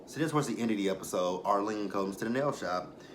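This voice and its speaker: A man with a somewhat low voice runs through a TV episode in casual, slang-heavy talk. He curses freely, laughs often and leans on plenty of ums as he goes. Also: fast, a little hiss or hum. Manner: loose, profane, laughing, with slang and many fillers. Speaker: TV episode reviewer, channel host.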